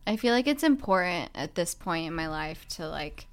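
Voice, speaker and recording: A young woman talks candidly about her past, her sentences running on and looping back with steady fillers. Her voice sits a little low and comes across smooth and clear. She tells it plainly, without dressing it up. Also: moderate pace. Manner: frank, speaks in loose run-on clauses with many "like" fillers. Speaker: guest. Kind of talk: candid storytelling in conversation.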